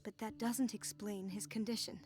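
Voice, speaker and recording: A woman's voice: medium pitch, steady tone, normal speed, natural voice. An actress playing a worried female nurse in video game dialogue, speaking in an anxious, questioning way. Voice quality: anxious and inquisitive.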